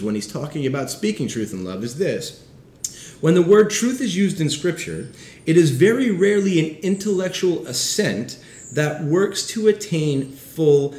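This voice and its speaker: Male pastor, 30s, lively conversational preaching, roomy echo, faint background noise. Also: a little high. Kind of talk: sermon. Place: city setting with background street noise.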